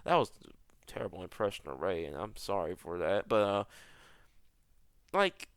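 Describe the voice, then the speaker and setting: A man's voice: sits low, fairly quick, dry recording. A young man delivering an exasperated rant to camera, full of rhetorical questions and repeated words. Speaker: YouTuber. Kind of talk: ranting commentary.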